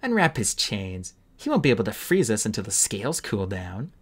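A man's voice: on the low side, sing-song, normal speed. A man voicing a cruel, mocking female sand dragon queen who hisses and sneers her taunts. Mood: scornful. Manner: sneering, hissing, theatrical taunts.

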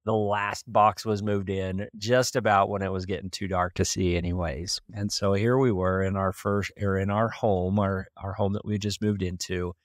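A man's voice: low-pitched, flat delivery, moderate pace, hardly any pauses, dry recording, studio quality. A man from small-town Idaho, hosting a podcast and earnestly retelling a personal story with occasional chuckles. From small-town Idaho, USA. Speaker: podcast host.

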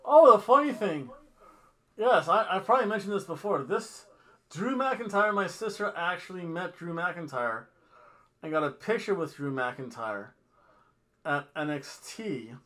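A man hosting a wrestling review show, chatting casually and telling rambling stories with sudden loud bursts. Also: sits high, animated, unhurried. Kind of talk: casual chat.

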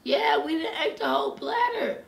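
Hoarse woman with a cold, slow gravelly talk, bright edge, roomy echo; casual mealtime chat. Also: high voice, sing-song. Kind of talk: casual chat while eating.

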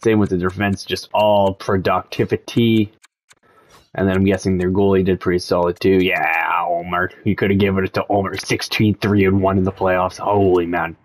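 Low-pitched and moderately paced, this young man hosts a gaming channel, thinking aloud in a relaxed way while he plays a sports video game. Close results get him excited.

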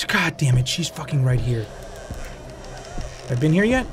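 A man playing a horror game and commenting, panicky and swearing, often shouting in fright and dropping Spanish exclamations. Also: on the high side, very animated, normal speed, long pauses, soft background music. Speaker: gaming streamer.

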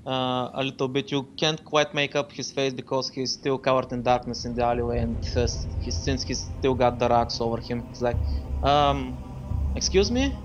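A man's voice: medium pitch, completely flat delivery, fairly quick, few pauses, soft background music. A man running a tabletop game as game master, narrating with frequent hesitations and fillers. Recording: dull lo-fi sound.

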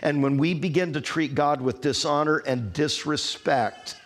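A middle-aged man preaching a sermon to a church congregation, rising to loud, emphatic declarations and then dropping low. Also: steady tone, measured pace. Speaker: pastor. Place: church sanctuary.

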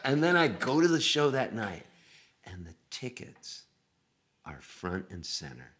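A man telling a funny story as a guest, animated and often laughing. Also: on the low side, normal speed, pauses often. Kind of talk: casual storytelling.

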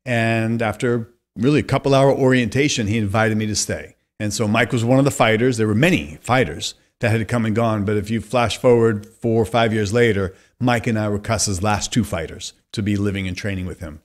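A man's voice: fairly low pitch, fairly quick, hardly any pauses. Storytelling man in his fifties. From California. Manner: long animated anecdotes, acts out quoted voices. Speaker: podcast guest. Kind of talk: conversational storytelling.

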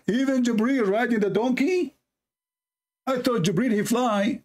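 A man, speaking in a fairly high voice. He reads passages aloud and answers them with sarcastic, jabbing commentary, in the manner of a debate host. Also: expressive, measured pace, a little mellow. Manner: sarcastic, reads text aloud and mocks it with sudden high-pitched jabs. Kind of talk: mocking religious debate commentary.

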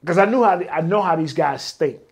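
A man's voice: on the high side, moderate pace. A middle-aged man, telling stories in a casual interview and acting out the dialogue. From Detroit, US. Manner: animated, acts out quoted dialogue. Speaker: interview guest, former bodyguard.

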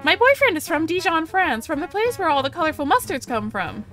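A woman voicing a chatty, nosy young German woman tourist in her twenties, talking high and prying. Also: big pitch swings, brisk, a bit bright, faint music behind, full character voice. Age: 20s.

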